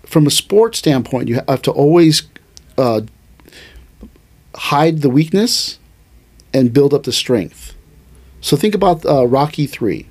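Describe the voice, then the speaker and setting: This martial arts teacher speaks in a fairly high, darkish voice with lively intonation. Chatting on a relaxed podcast, he explains his traditional art with animation, restarting sentences and tossing in quick asides as he thinks out loud.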